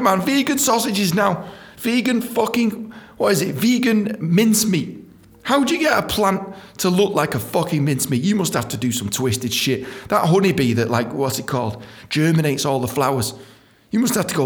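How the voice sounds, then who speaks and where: A man's voice: on the high side, animated, a little fast, fairly bright tone. A male comedian, delivering a sweary, rambling comic monologue.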